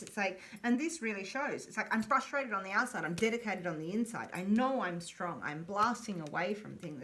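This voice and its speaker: A woman's voice: medium pitch, fairly bright tone. Woman doing a casual tarot reading, talky, repeats stuff, goofy asides. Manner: chatty, repeats phrases, self-correcting; playful asides with jokes. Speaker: tarot reader.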